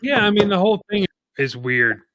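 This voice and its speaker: A man's voice: high-pitched, sing-song, moderate pace, fairly bright tone, no room sound. A man co-hosting a casual wrestling podcast, voicing blunt, dismissive opinions. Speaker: podcast co-host.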